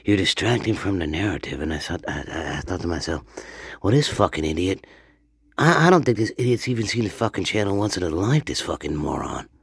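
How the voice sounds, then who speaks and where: A man putting on a crude, husky ghost radio host. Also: low-pitched, lively intonation, brisk, no room sound, clean studio sound, full character voice. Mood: indignant. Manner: profane, stammering, boastful rants. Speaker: channel host. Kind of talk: comedic character monologue.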